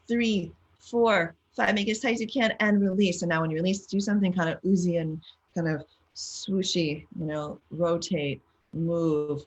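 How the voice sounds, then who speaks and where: A woman's voice: sits low, husky. A woman parenting coach giving a live online talk, encouraging listeners and walking them through exercises. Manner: frequent checking "okay?" and "right?".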